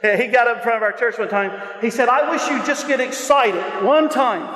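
A man preaching a sermon at a very high pitch, his voice ringing through a large hall with a long echo. He speaks with fervor, shouting as he tells his stories. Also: a little fast. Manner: impassioned, often shouting, laughs between stories. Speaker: pastor. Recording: echoey hall with long reverb.

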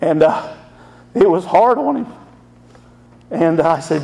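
A man's voice: a little high, expressive, slow pace, gravelly, darkish tone. A middle-aged man, a pastor telling an emotional family story in a folksy sermon.

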